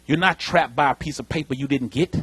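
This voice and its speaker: A man preaching a lively sermon in church, calling out to the congregation. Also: mid-range voice, fairly quick, husky, no room sound. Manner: animated preaching, calls out to the congregation. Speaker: pastor. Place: church sanctuary.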